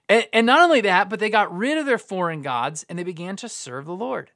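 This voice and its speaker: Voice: medium pitch, animated, fairly quick, hardly any pauses, a bit bright, no room sound. Informal preacher, dry close sound. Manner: informal, repeats and restarts words, acts out quoted lines. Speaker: pastor. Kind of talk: conversational sermon.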